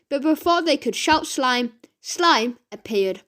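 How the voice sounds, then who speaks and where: Slow, high-voiced woman reading a children's story. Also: lively intonation, a bit bright. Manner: reads slowly with self-corrections. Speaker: reader.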